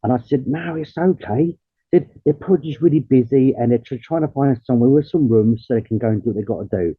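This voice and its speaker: A man's voice: medium pitch, fast, breathy edge, no room sound. A young man plainly retelling his own illness story, with many fillers, on tinny audio. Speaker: patient sharing his story. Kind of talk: personal testimony.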